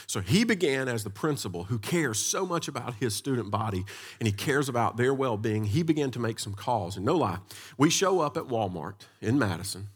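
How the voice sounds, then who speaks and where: A husky-voiced male pastor tells a church story. He speaks conversationally, often restarting his sentences as he goes, and his voice sits at a middle pitch. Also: fairly bright tone. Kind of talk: sermon storytelling.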